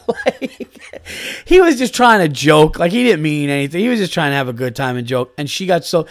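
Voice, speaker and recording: A man's voice: on the high side, a bit bright. A man in his thirties hosting a podcast, telling a casual story with an exasperated, mocking rant full of swearing. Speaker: podcast host.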